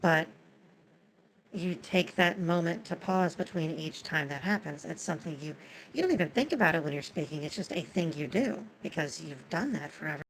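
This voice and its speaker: A woman's voice: deep voice, lively intonation, normal speed, gravelly, rough recording. A woman whose first language is Japanese, giving chatty, swearing commentary on a game and talking to her chat. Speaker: streamer.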